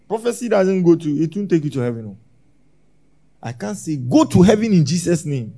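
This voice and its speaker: Male pastor, sermon, animated pitch, bursts and hushes. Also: moderate pace, pauses often. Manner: preaching with sudden shouts and hushed drops.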